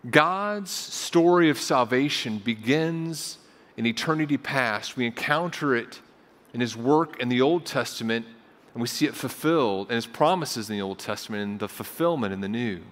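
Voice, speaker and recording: In a church sanctuary, a male pastor preaches conversationally, telling stories and often repeating phrases for emphasis. His voice is medium-pitched, expressive, moderately paced and fairly bright, with long hall reverb.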